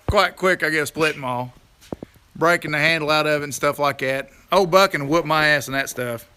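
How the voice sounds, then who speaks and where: A man hosting a casual livestream outdoors, reading viewer comments aloud, rambling and teasing with bursts of loud laughter. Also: a little high, animated, normal speed, slight background noise. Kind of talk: casual live chat.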